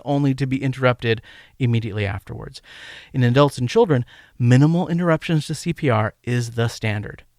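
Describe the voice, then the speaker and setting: Man giving a dry, measured medical lecture. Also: mid-range voice, no echo. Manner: measured, emphatic teaching delivery with rhythmic counting. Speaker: podcast host and medical educator.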